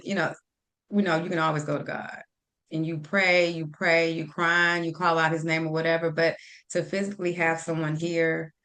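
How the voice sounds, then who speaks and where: A low-voiced woman appears as a guest on a faith talk show and speaks directly. She animatedly acts out the pep talks she gives a friend.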